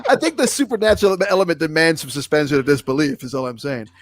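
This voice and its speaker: A man's voice: a little high, fast, heavy background noise. A man co-hosting a film podcast, chatting casually and rambling with lots of swearing. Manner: rambling, swears often, acts out anecdotes. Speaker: podcast co-host.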